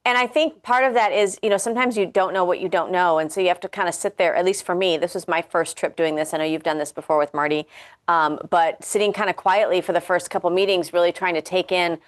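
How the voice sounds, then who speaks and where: A chatty woman co-host with a slightly low voice talks loosely and laughs easily. She leads the conversation in a relaxed, informal way. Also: quick pace. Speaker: podcast co-host. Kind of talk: casual political chat.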